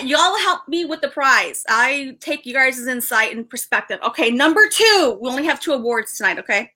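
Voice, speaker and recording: A young woman hosting a casual live stream, excited and rambling, stumbling over restarts and fillers as she chats with viewers. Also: high voice. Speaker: livestream host.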